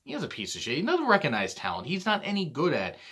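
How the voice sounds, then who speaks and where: A man's voice: on the high side, wildly swooping pitch, quick pace, a bit bright, slightly rough. A man hosting his own vlog, delivering a blunt, profane ranting monologue. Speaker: vlog host.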